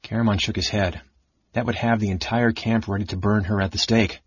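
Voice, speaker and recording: A man reading an audiobook in a steady, measured way, his low voice slightly husky. The recording is dry and dull. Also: no echo. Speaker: narrator.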